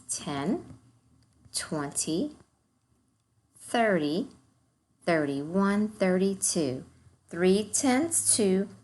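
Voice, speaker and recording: A woman teacher giving a recorded math lesson to young children, slow and encouraging, speaking straight to the kids. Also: lowish voice.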